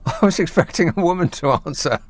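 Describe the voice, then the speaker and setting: A man hosting a talk radio show, bantering in a sarcastic, deadpan way. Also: fairly high pitch, quick pace, dry recording. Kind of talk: solo talk radio chat.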